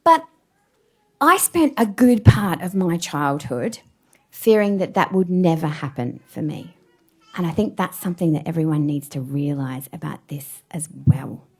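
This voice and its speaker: A woman's voice: deep voice, moderate pace, husky. A woman in her forties giving a public talk from a stage, telling self-deprecating personal stories with plenty of laughter. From Australia. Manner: animated storyteller, self-deprecating, laughs often. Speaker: keynote speaker.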